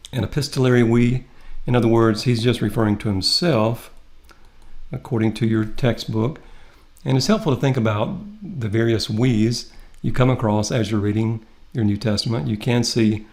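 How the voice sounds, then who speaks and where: A man teaching Greek in a recorded lecture. He walks through each form step by step in a methodical, patient way with pauses. His voice sits at an ordinary middle pitch. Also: steady tone, darkish tone.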